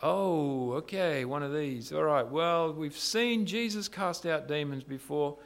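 A man's voice: on the high side, unhurried, gravelly. A man acting out a group of flustered men who are unsure what to do, in a sermon. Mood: bewildered.

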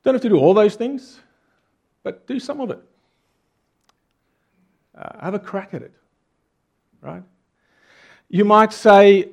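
A man's voice: high voice, expressive, slow pace, gravelly, long pauses. A man preaching a conversational sermon, earnest and full of rhetorical questions. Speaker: pastor.

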